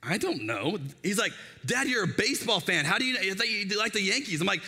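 Lively bright-voiced male pastor preaching. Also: sits high, fast talker, vocal fry. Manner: animated storytelling, acts out quoted voices. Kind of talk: sermon. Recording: long hall reverb.

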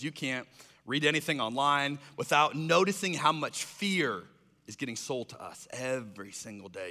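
A man preaching a sermon as a pastor, telling a story in a lively way and acting out the voices in it. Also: mid-range voice, normal speed, long reverb tail. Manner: animated storytelling, acts out voices.

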